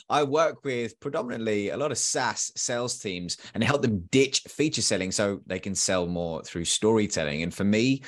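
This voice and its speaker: A British man in his thirties, a guest on a podcast, telling his story in a lively, slangy way. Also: fairly low pitch. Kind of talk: casual storytelling in an interview.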